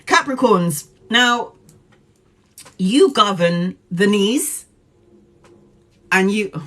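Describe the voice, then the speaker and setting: A woman's voice: mid-range voice, expressive, drawn-out words, a bit bright. A woman talking casually on a live stream as a tarot reader, chatty and joking, laughing often. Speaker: tarot reader livestreaming to viewers.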